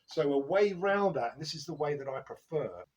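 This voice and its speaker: A man teaching a drum lesson, explaining grip technique in a measured way with frequent pauses and fillers. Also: a little high, lively intonation, darkish tone, lo-fi sound.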